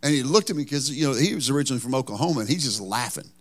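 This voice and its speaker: Animated joking pastor. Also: male voice, mid-range voice, rapid-fire. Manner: folksy, joking, animated storytelling. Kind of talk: storytelling sermon.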